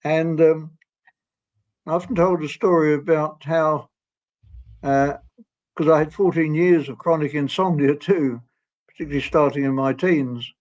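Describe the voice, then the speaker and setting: Man in his 80s, guest storyteller, higher pitch, meandering and genial, dull lo-fi sound. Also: fairly even intonation, a little slow, pauses often. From England. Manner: gentle, rambling, laughs often. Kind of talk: storytelling interview. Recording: dull lo-fi audio.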